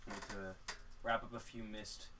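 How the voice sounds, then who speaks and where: A man's voice: on the low side, little pitch movement, moderate pace, bright, forceful tone. Man chatting off-mic. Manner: dry, teasing, reads out chat comments. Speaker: co-host reading viewer comments. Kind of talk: casual chat. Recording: distant mic with faint hiss.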